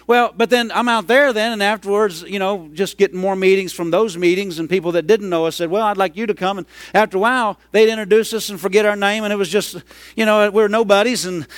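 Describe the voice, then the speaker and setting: A middle-aged man preaching a sermon, telling a story and rising into loud, excited hollering. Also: high-pitched, brisk, no room sound. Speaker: pastor.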